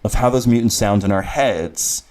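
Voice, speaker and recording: A man's voice: fairly low pitch, moderate pace, darkish tone. A man co-hosting a podcast in casual chat, with a teasing, playful manner. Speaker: podcast co-host.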